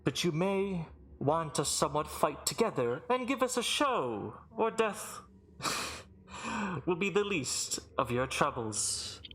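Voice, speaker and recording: A man voicing a grandly menacing male arena announcer who makes slow, pompous proclamations. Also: on the high side, big pitch swings, fairly bright tone, voice pushed up, exaggerated voice, poor audio.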